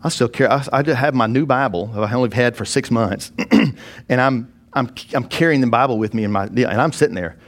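Animated man telling a sermon story. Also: mid-range voice, fairly quick. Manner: animated, self-mocking, many restarts. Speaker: preacher giving testimony.

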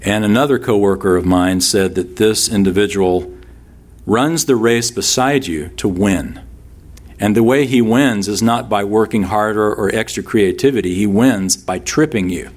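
A man's voice: lowish voice, normal speed. A man preaching a sermon in a conversational way that rises to emphatic peaks. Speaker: pastor.

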